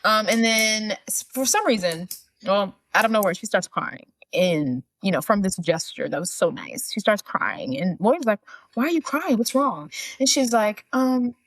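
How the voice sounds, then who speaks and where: A woman co-hosting a podcast, casually recapping a film and acting out the characters' lines in animated bursts. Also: medium pitch, moderate pace, dry recording. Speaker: podcast co-host.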